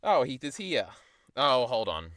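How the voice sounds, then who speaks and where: Bright-voiced man rambling on stream. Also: medium pitch, sing-song, measured pace, no echo, studio quality. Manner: rambling, profane, self-deprecating. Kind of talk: casual stream chat.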